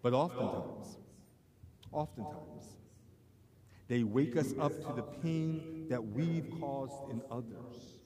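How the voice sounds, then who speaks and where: A man's voice: mid-range voice, expressive, a loud crowd. Man preaching in an echoing hall. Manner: conversational storytelling, self-deprecating, halting repetitions. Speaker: pastor. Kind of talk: sermon. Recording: long hall reverb.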